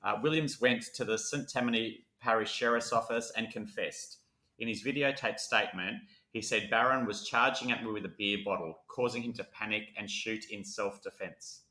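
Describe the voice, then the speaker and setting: A man's voice: fairly low pitch, moderate pace, bright, forceful tone, roomy sound. A man co-hosting a true crime podcast, reading case notes aloud between jokes and laughs. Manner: jokey, laughs often, reads story aloud. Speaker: podcast co-host.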